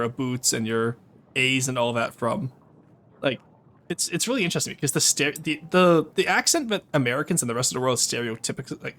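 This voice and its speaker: A man's voice: mid-range voice, fairly bright tone. A man streaming a game, chatting in rambling rants full of restarts. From Canada. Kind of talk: casual live gameplay chat.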